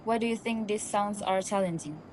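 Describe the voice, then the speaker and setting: A woman's voice: mid-range voice, brisk, low-quality recording. Woman asking questions, faint background noise. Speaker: interviewer. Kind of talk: asking prepared interview questions.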